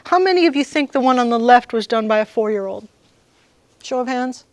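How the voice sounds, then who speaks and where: Lively woman lecturing music students. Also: a little high, brisk, no echo. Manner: lively, engaging the audience with questions. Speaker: guest lecturer.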